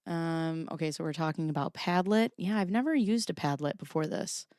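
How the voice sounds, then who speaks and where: A woman's voice: sits low, moderate pace, darkish tone, dry recording, clean studio sound. A woman hosting a casual livestream from her home basement, chatty and profane, often laughing as she reads documents and talks to her chat. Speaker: livestream host. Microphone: camera pointed at herself.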